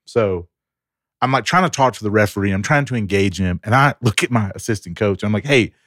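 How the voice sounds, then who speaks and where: A low-pitched man chatting on a podcast, spinning animated stories and slipping into the voices of the people he quotes. The sound is close and dry, with no room around it. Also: fast talker, dry recording. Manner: animated storyteller who acts out quoted people. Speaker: podcast co-host. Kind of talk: casual chat.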